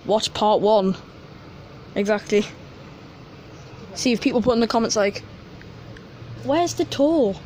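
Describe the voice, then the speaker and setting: A man's voice: high voice, measured pace, pauses often. Chatty man vlogging on a platform. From North East England. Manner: chatty, rambling, excitable about train details. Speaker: transport vlogger. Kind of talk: casual walk-and-talk vlog commentary. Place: outdoor metro station platform. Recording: noisy outdoor station sound.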